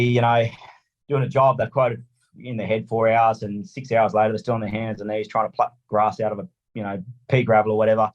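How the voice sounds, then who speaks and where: An Australian man telling a story on a podcast, animated and swearing, acting out little scenes. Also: mid-range voice, muffled recording. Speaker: lawn mowing franchisee guest.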